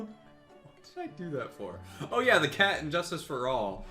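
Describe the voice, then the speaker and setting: A man hosting a casual let's play, joking between lines of the game he reads aloud. His speech is animated, with a wide, bouncy pitch, and game music plays clearly underneath. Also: normal speed, reverberant. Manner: playful, reads game dialogue aloud in voices. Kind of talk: casual gameplay commentary.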